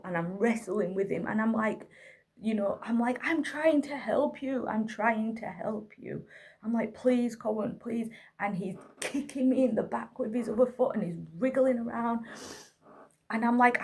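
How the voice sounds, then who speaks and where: A woman's voice: on the low side, darkish tone. A woman, a single mother, candidly and wearily telling a hard night with her autistic son to camera, worn out and near tears. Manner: candid, weary, tearful retelling. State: exhausted. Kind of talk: emotional personal vlog, talking to camera.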